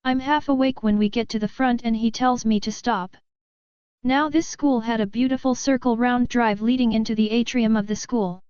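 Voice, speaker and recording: A woman reading online stories aloud as the show's narrator, in an even, steady read-aloud delivery. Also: fairly high pitch, clean tone, no echo, dull audio. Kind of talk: scripted story narration.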